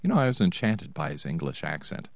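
Deep-voiced American male storyteller with a wry, sarcastic, digressive manner and a lively delivery. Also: a little fast, vocal fry, dry recording. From United States. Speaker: narrator, host. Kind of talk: comic personal storytelling.

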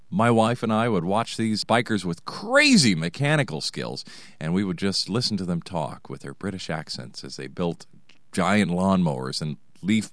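A man's voice: sits low, dry recording, studio quality. An American man with a wry, sarcastic, digressive manner, telling a comic personal story. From United States. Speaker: narrator, host.

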